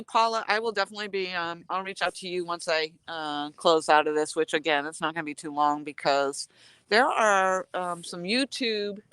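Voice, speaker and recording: A woman's voice: on the low side, sharp tone, smooth, no room sound. A woman live-streaming from a cold outdoor dock on her phone, sniffly from the cold and chatting in a rambling way while greeting viewers. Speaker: live-streaming fishing vlogger. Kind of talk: casual live-stream chat. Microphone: phone held at arm's length.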